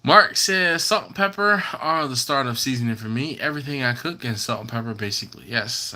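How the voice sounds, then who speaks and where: A man's voice: medium pitch, a little fast, few pauses, pushed and bright. A man hosting a live barbecue stream, chatting casually and reading out viewer comments with playful teasing. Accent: Maryland. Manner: chatty, reads out viewer comments and teases them. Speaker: BBQ channel host. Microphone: computer or phone setup.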